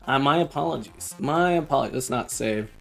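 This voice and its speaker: A man's voice: mid-range voice, fairly quick, gravelly, soft background music. A man live-streaming while he codes, chatting casually and thinking aloud as he debugs, with a self-mocking manner.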